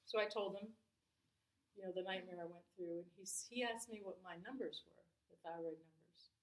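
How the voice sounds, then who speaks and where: A woman's voice: fairly low pitch, normal speed. A middle-aged woman, a Buddhist teacher, giving a candid, personal dharma talk and asking her audience questions. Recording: roomy hall sound.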